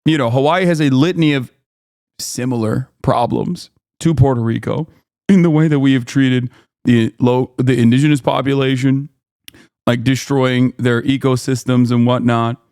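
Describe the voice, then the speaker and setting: A man's voice: mid-range voice, fairly even intonation, moderate pace, darkish tone, clean tone, no room sound, studio quality. A man casually commenting on clips as a streamer, sardonic and rambling, with restarts.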